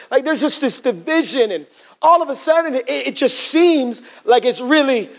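A man preaching to a congregation as pastor, telling funny stories in an animated way. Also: very high voice, a little fast. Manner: humorous, animated storytelling to a congregation. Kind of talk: sermon. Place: church in front of a congregation.

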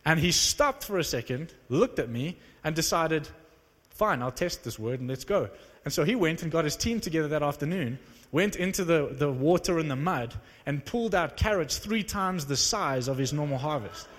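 A man preaching a sermon and telling stories with animated energy, acting out the dialogue. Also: a little high, moderate pace, hardly any pauses, big-room sound. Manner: animated storytelling, acts out dialogue. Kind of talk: sermon with storytelling.

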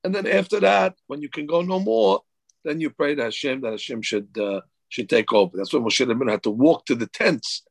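Gravelly rabbi teaching slowly. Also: male voice, medium pitch, no echo, rough recording. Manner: explains slowly, translating Hebrew verses into English. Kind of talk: Torah class with questions.

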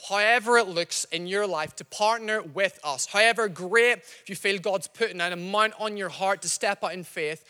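A man leading his church, making an emphatic appeal for giving and the church's vision, rising to shouts on key phrases. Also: high voice, moderate pace, few pauses, smooth. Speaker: church leader. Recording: long hall reverb.

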